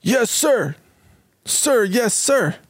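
Brief: man playing a high-pitched, eager, clueless young sailor, crisp dry sound. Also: big pitch swings, very slow, no room sound, full character voice. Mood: eager obedient. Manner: eager, parroting "sir". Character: dim young male sailor recruit, eager and obedient.

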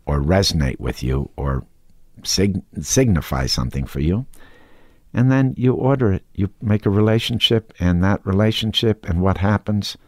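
A man talking casually as an actor guest in an interview, halting, with many restarts and fillers. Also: low voice, expressive, darkish tone, no echo, clean studio sound.

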